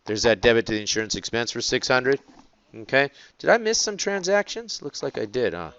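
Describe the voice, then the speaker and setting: A man teaching an accounting class, constantly asking the students rhetorical questions in an animated classroom lecture. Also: medium pitch, a little fast, no room sound, dull audio.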